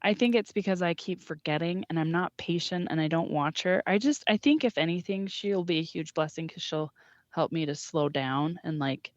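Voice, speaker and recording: A woman's voice: lowish voice, normal speed, no room sound. A young woman co-hosting a podcast, chatting casually in a rambling, self-deprecating way and laughing often. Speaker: podcast co-host. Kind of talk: casual chat. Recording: dull lo-fi sound.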